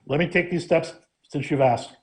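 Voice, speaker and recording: A man's voice: a little high, normal speed. A man serving as law director, speaking firmly and defensively in a council meeting debate. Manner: firm, defensive, lawyerly.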